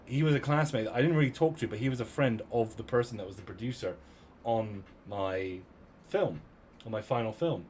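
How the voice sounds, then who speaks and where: A man's voice: medium pitch, fairly quick, slight background noise. Chatty British man telling a story. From Cornwall, England. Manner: chatty, animated retelling with quoted voices. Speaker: streamer. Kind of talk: casual storytelling to chat.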